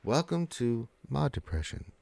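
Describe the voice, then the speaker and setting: A man's voice: mid-range voice, big pitch swings, unhurried, gravelly, darkish tone, dry recording. A man hosting a gaming livestream, casually reading viewer messages aloud and answering them in a laid-back way. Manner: laid-back, reads chat aloud in a lifted voice. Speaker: livestream host reading chat.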